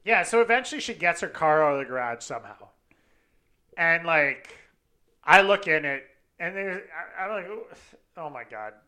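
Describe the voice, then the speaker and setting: Bright-voiced, swearing storyteller man. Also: on the high side, normal speed. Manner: swears constantly, animated retelling with acted quotes. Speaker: storyteller in a chat. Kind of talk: casual chat.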